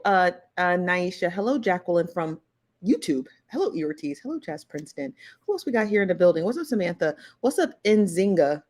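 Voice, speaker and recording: A woman's voice: medium pitch, darkish tone. Laid-back woman hosting a live stream. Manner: laid-back, chatty, laughs easily. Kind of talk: casual live stream chat.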